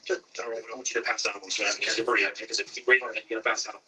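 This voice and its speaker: A man working as a police investigator, coaching someone through breathing with calming, coaxing instructions. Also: on the low side, racing. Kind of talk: interrogation room footage. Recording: distant room mic with faint noise.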